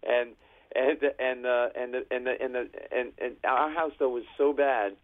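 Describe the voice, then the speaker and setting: Animated comedian on a tinny phone line. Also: male voice, medium pitch, moderate pace. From Providence, Rhode Island. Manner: animated storyteller, acts out voices. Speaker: comedian guest. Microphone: phone call.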